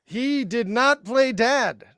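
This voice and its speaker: A man co-hosting a podcast, running a trivia quiz and reading the options out slowly. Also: extremely high pitch, a bit bright, a little hiss or hum. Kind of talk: casual podcast chat.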